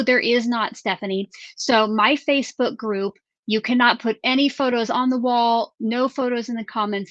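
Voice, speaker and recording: A chatty woman co-hosts a crafting livestream and announces giveaway winners with drawn-out, teasing reveals. Her voice sits in a middling pitch. The audio is dry and a little muffled, like a typical stream mic. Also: a bit bright, dry recording. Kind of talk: casual livestream chat and giveaway draw.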